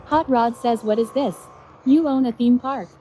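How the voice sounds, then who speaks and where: A synthetic woman's voice reading viewer chat messages aloud in a flat, even manner. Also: fairly high pitch, normal speed, slight background noise. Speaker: text-to-speech chat reader.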